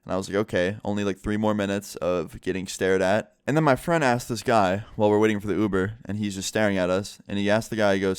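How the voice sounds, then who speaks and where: Low-voiced young man telling a story. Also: fast, hardly any pauses, smooth, no echo, clean studio sound. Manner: chatty, filler-heavy retelling. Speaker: vlogger. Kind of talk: casual storytime.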